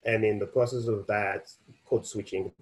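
A man moderating an online panel, asking a question in a halting way and searching for his words. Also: on the low side, steady tone, low-quality recording. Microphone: video call.

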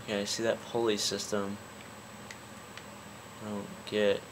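A man's voice: fairly low pitch, monotone, a little slow, background noise. A man commentating a game, cursing constantly and getting angry, with a sore throat. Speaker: gaming YouTuber. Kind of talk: let's play commentary.

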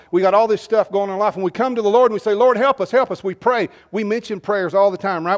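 A man with a high voice preaches a sermon in a conversational way. He poses rhetorical questions to the congregation and slips into quoted dialogue as he retells scenes. He sounds like a pastor in his fifties. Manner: acts out dialogue in quoted lines.

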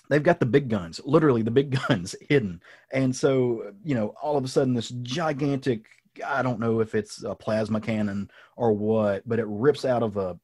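A man's voice: mid-range voice, darkish tone, no echo, clean studio sound. A man hosting a podcast, casually recapping a comic book story in a rambling way with many ums and asides. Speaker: podcast host.

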